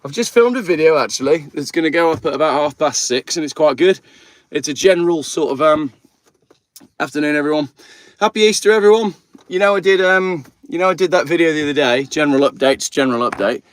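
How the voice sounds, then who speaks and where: A man's voice: fairly high pitch, animated, fairly quick, dry recording. A man hosting a casual livestream, chatting and greeting viewers while cleaning his car outdoors. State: a little out of breath. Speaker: channel host.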